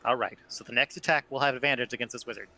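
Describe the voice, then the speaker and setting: A man's voice: mid-range voice, rapid-fire, vocal fry, pushed and bright, low-quality recording. A man acting as game master, explaining rulings step by step. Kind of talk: running a tabletop game.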